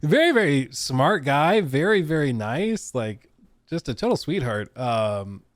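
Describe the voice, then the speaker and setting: A man's voice: a little high, big pitch swings, measured pace, no room sound, clean studio sound. A man streaming live, telling a rambling story in casual chat and laughing often. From Colorado, USA. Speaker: streamer reacting to an interview.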